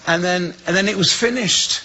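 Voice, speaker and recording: An English man tells a comic personal story as a guest speaker. His voice sits a little high and sounds crisp and bright. He acts out the voices of the people in his tale with lively energy. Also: normal speed, a little hiss or hum, poor audio.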